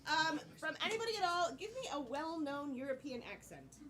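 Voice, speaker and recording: A woman hosting a live improv comedy show, briskly taking suggestions from the audience. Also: high voice, sing-song, a crowd in the background. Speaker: improv host. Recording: live stage with loud audience.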